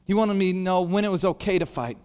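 A man preaching a sermon as a pastor, telling stories with animated acted-out dialogue and self-deprecating humor. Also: sits high, fast, smooth. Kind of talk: storytelling sermon. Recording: long hall reverb.

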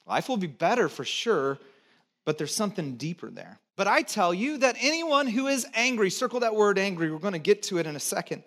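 A middle-aged American man preaching a conversational sermon in a church, asking the congregation to repeat words and adding joking asides, swinging between loud emphatic lines and quiet low ones. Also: very animated, fairly quick. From United States. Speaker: pastor.

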